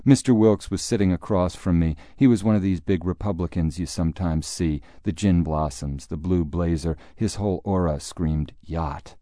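A man's voice: low-pitched, normal speed, few pauses, dark tone, no echo. A man narrating a story in a dry, wry manner. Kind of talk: audiobook narration.

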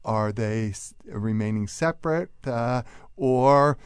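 A man's voice: mid-range voice, slow, clean tone, dry recording, clean studio sound. A man from Philadelphia, a radio show guest explaining how people speak, thoughtful with frequent uhs. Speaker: guest linguist. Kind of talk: radio interview.

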